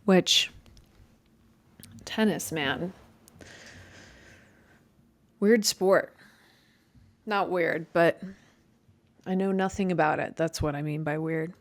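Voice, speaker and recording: A woman's voice: lowish voice, takes it slowly, long pauses, no room sound. A young woman hosting her podcast, rambling in a self-mocking, conversational way with many fillers. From Chicago. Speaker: podcast host. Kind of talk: stream-of-consciousness monologue.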